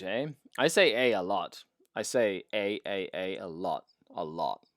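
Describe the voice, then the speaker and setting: A man's voice: low-pitched, expressive, unhurried, fairly bright tone, no echo, clean studio sound. A man hosting a casual live hobby stream while painting miniatures, playful and enthusiastic as he chats with viewers at his desk mic.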